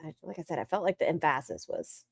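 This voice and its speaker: A woman's voice: sits low, big pitch swings, quick pace, vocal fry, slightly rough, no echo, clean studio sound. Woman sarcastically reacting to a video. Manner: sarcastic, teasing asides to chat. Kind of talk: casual reaction commentary.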